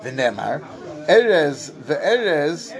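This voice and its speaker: A man with a fairly high voice leads a Talmud lesson. He chants the Aramaic text in a study-hall lilt, then explains it plainly, often restarting his phrases. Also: lively intonation, brisk, a little mellow. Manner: reads Aramaic text then translates in a sing-song study cadence. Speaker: Talmud teacher.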